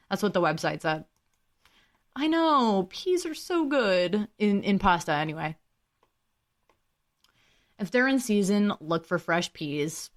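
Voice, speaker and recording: A woman's voice: medium pitch, expressive, a little slow, fairly bright tone. Young female podcast host, chatty and self-deprecating, casual solo talk with frequent apologies.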